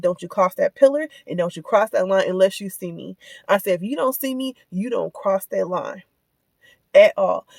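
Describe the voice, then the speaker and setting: A woman's voice: medium pitch, no room sound. Indignant woman ranting about her day. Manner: indignant, heated, repeats herself while retelling. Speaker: parent telling a personal story. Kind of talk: casual ranting vlog.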